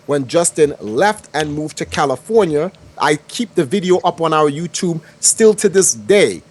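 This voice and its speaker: Animated New man with husky voice. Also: fairly high pitch, moderate pace. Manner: rambling, repeats himself, theatrical mock-medieval phrasing. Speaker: podcast co-host. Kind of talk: heated casual panel chat.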